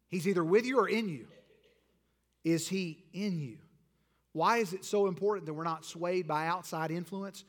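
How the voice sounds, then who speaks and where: A pastor preaching a sermon with an altar call, rising to emphatic peaks and then dropping soft and intimate. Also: male voice, high voice, moderate pace. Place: church sanctuary. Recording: long hall reverb.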